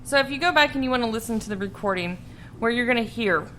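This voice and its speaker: A woman's voice: fairly high pitch, lively intonation, fast, bright, forceful tone, a little hiss or hum. A woman hosting a podcast in casual chat, laughing often and swearing freely. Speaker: podcast host.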